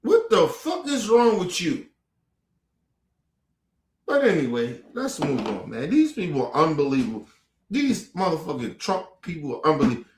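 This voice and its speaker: A man's voice: on the high side, huge pitch swings, normal speed, reverberant. A man hosting a commentary show, ranting angrily and profanely at clips with mocking rhetorical questions. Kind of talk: profane angry reaction rant.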